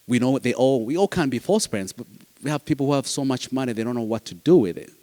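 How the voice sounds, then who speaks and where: A man's voice: medium pitch, lively intonation, fast, mellow. A man, a foster dad giving a heartfelt speech to an audience, earnest, repeating phrases and restarting sentences. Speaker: foster parent speaking at a summit.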